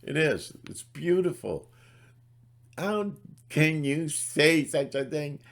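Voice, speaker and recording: A man's voice: on the high side, expressive, slow pace, gravelly, fairly bright tone. A middle-aged man ranting in a blunt, sarcastic monologue, rambling with restarts and putting on mocking voices. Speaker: channel host.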